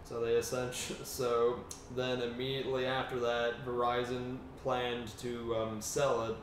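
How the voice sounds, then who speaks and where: A man's voice: medium pitch, monotone, measured pace. A man co-hosting a podcast, rambling casually and swearing freely. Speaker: podcast co-host. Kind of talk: casual chat. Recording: distant mic, roomy echo, faint noise.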